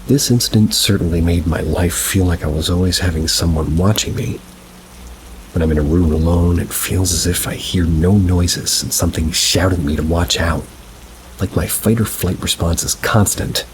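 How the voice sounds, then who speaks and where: A man reading first-person paranormal stories aloud in a measured, unhurried storytelling manner. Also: deep voice, noisy background. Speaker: narrator.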